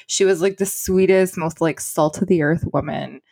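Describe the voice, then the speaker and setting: A woman's voice: lowish voice, normal speed, gravelly, darkish tone. A woman telling a travel story in casual chat, laughing often and saying "like" a lot.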